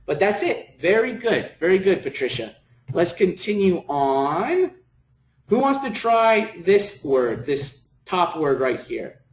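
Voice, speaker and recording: A man's voice: sits high, sing-song, slow. A man teaching a classroom lecture, encouraging students and repeating words for them. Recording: echoey classroom.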